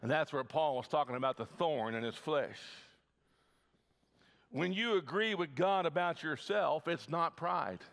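A pastor from the Midwest preaching a sermon in his church, energetic, with frequent stammered restarts. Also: a little high. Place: church sanctuary.

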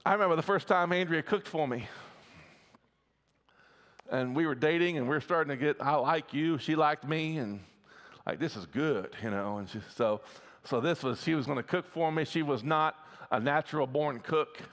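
A man's voice: fairly high pitch, moderate pace, fairly bright tone. A middle-aged man preaching a sermon as pastor, folksy and often checking in with the congregation. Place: church sanctuary. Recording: long reverb of a church hall.

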